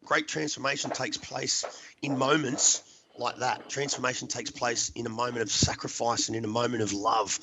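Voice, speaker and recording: A middle-aged man, a podcast guest, earnestly telling a personal recovery story with halting restarts. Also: mid-range voice, level tone, sharp tone, rough recording. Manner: earnest, halting, repeats words while searching.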